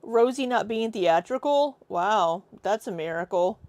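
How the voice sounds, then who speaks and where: A woman's voice: medium pitch, lively intonation, measured pace, darkish tone. A woman hosting a reaction commentary, making sarcastic and skeptical asides. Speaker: commentary channel host.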